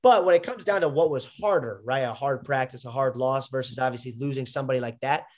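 A man's voice: medium pitch, fast talker, darkish tone, a little hiss or hum. A young man, a podcast guest and former wrestler, telling stories casually with lots of fillers and restarts. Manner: rambling, filler-heavy storytelling. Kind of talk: casual conversation.

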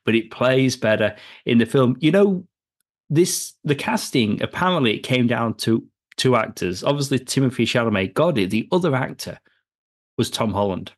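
Male podcast co-host, casual rambling film chat, mid-pitched, laughs often. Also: lively intonation, normal speed. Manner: rambling, laughs often, lists cast members.

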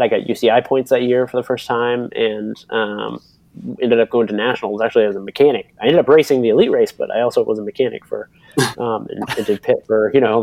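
The young man, an interview guest who works as a bike racer and mechanic, has a mid-range, darkish voice. He tells a long, rambling story in casual speech crowded with fillers, voicing other characters as he goes. No echo, but the audio is poor.

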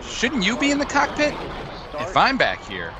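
A man's voice: very high-pitched, wildly swooping pitch, normal speed, a crowd in the background. A man co-hosting a podcast, playing up a comedy skit with goofy, over-the-top drama. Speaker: podcast co-host.

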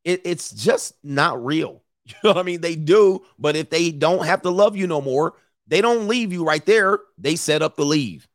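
A man hosting a live commentary, reading messages aloud and reacting to an audience in the room with blunt, profane, animated asides. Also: on the high side, normal speed, dry recording, clean studio sound. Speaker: commentary host.

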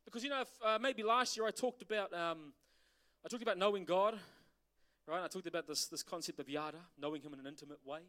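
Preaching at a quick pace in a high voice, a middle-aged man leads his congregation as pastor. His animated sermon is full of questions aimed at the listeners.

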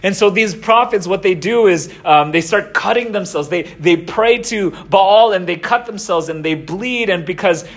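A man's voice: high-pitched, moderate pace, hardly any pauses. A young man giving a casual sermon, retelling scripture in slangy everyday words with many restarts. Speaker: preacher.

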